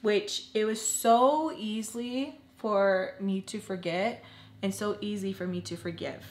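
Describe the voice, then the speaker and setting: A woman's voice: medium pitch, slow, a little mellow, reverberant. Chatty young woman telling a story. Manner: chatty, filler-heavy with many "like"s; emotional, earnest, confiding. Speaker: vlogger telling a personal story. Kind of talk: casual storytime monologue.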